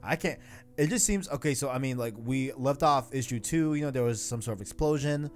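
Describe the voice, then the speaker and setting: A man's voice: medium pitch, a little fast, soft background music. A man hosting a casual podcast, rambling with lots of fillers and laughing at himself. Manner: rambling, self-deprecating, laughs often. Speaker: podcast host. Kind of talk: casual podcast chat reading a comic aloud.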